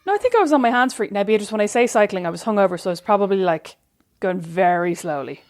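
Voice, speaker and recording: A woman's voice: medium pitch, lively intonation, fast talker, a little mellow. A woman with an Irish accent, co-hosting a podcast and telling wry, self-mocking stories in casual chat. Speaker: podcast co-host.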